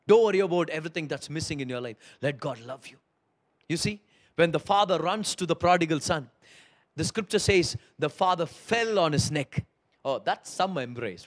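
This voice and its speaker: A man preaching a sermon as pastor, moving between hushed tender pleading and loud emphatic preaching. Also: a little high.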